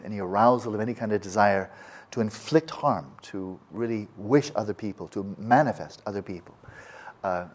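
A man teaching meditation in a reflective talk. He speaks thoughtfully and often restarts his sentences. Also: lowish voice. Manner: acts out quoted voices.

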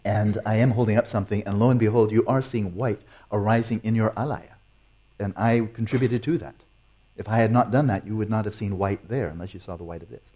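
A man's voice: lowish voice, fairly even intonation, brisk, warm tone. A man teaching meditation and answering audience questions in a playful, teasing way. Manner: playful, teasing, chuckles often.

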